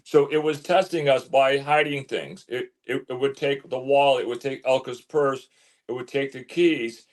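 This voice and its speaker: A man telling a story as an interview guest, animated, stumbling and repeating words as he goes. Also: medium pitch, normal speed. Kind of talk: casual storytelling.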